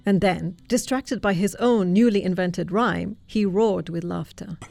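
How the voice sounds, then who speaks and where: A woman narrating a storybook tale in a steady, lightly wry way. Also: fairly low pitch, a little slow, vocal fry, soft background music.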